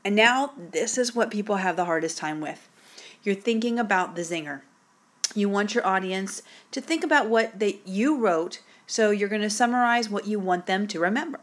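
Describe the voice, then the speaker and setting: A woman's voice: medium pitch, moderate pace. An upbeat woman teacher records a video lesson in a mid-range voice. She gives short, direct instructions and encourages her students as she goes.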